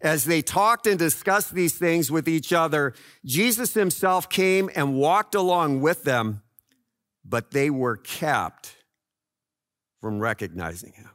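A man preaching a sermon, telling the story dramatically and swinging between loud cries and hushed low lines. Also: lively intonation, takes it slowly, dry recording, studio quality. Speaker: pastor.

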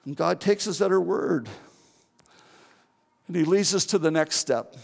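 A man's voice: high voice, a little slow, vocal fry, pauses often, in a large hall. A man in his seventies preaching a sermon as pastor, earnest and often repeating and restarting his words. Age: 70s. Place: church.

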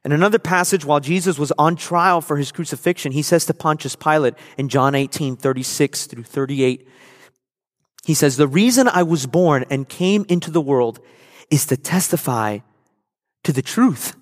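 A man's voice: on the high side, moderate pace. A male pastor preaching a sermon, emphatic and repeating key phrases for effect. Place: church sanctuary. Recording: long hall reverb.

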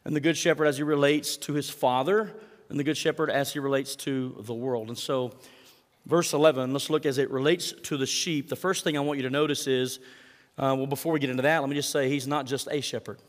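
A man's voice: mid-range voice, steady tone, brisk, big-room sound. A man preaching a sermon as pastor, earnest and conversational, with fillers and repeated words as he reads scripture and prays. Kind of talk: sermon with scripture reading and prayer.

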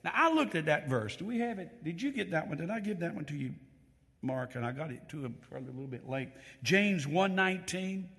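Animated preacher in a reverberant church. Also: male voice, fairly high pitch, fairly quick, creaky. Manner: animated, reads scripture aloud with emphatic stress; asks the congregation questions directly. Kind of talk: sermon. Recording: long hall reverb.

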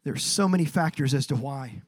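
A man preaching a sermon as pastor, building to drawn-out shouted emphasis. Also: medium pitch, husky, no echo.

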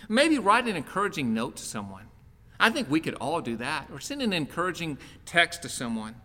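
A pastor preaches to his congregation, and his bright, forward voice carries through the church. His delivery is earnest and conversational, like someone telling a personal story. Long reverb from the worship hall trails behind each phrase. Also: on the high side, sing-song, fairly quick. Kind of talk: sermon.

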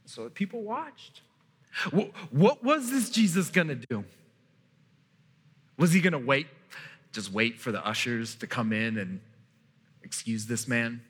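A man preaching a sermon as pastor, emphatic, with dramatic pauses and repetition. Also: mid-range voice, lively intonation, a bit bright, slightly rough, in a large hall.

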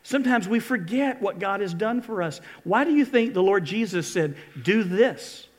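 A male pastor with a notably high voice preaches to his congregation. He tells scripture stories in an animated way and leans hard on the key moments. His delivery sounds like a live church sermon. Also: moderate pace. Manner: animated storytelling, retelling scripture with lively emphasis. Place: church service before a congregation.

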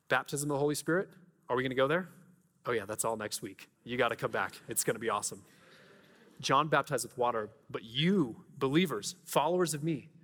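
A man preaching a conversational sermon, asking his listeners rhetorical questions and moving between lively storytelling and quiet scripture reading. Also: medium pitch, big-room sound. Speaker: pastor.

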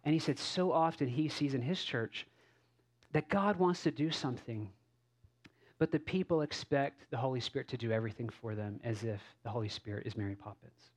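A man preaching as a pastor in a relaxed, conversational sermon, telling stories with asides and frequent restarts. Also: mid-range voice, fairly quick. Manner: casual, self-correcting, storytelling with asides. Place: church service.

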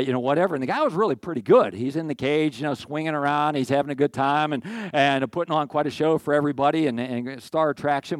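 A man's voice: mid-range voice, dry recording. A man in his sixties preaching a sermon as pastor, folksy and rambling, with asides and jokes. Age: 60s.

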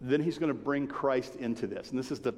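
A man preaching a sermon in a conversational, emphatic way, sometimes dropping to a hushed tone. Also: mid-range voice, a little fast. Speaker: pastor. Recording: long hall reverb.

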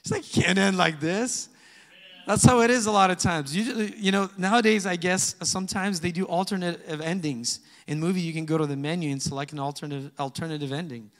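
A man preaching a sermon, reading scripture loudly and dropping into soft, chatty asides to the congregation. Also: sits high, steady tone, quick pace, few pauses. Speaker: pastor. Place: church sanctuary. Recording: long hall reverb.

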